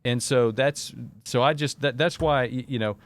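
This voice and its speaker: A man hosting a live talk show, rambling and animated, repeating words as he builds a point. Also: medium pitch, normal speed, dry recording.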